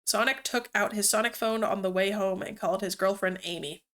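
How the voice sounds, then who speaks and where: A woman's voice: medium pitch, brisk, fairly bright tone. Brief: young female streamer, amused storyteller reading fanfic. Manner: amused, breaks off to comment.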